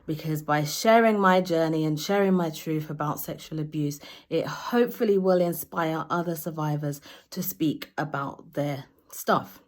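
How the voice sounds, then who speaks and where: A woman's voice: deep voice, normal speed, few pauses. A woman poet talking earnestly and openly emotionally to camera, restarting and correcting herself as she goes. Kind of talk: personal talk to camera.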